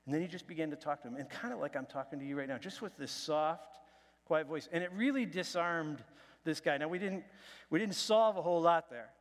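A man's voice: a little high, a little fast, long reverb tail. A male pastor giving a conversational, self-deprecating sermon in a church. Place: church sanctuary.

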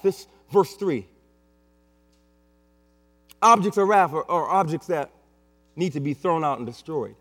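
Male pastor, high voice, measured emphatic sermon, humming hall sound. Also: expressive, fairly bright tone. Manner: emphatic, repetitive preaching with playful asides. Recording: long hall reverb with mains hum.

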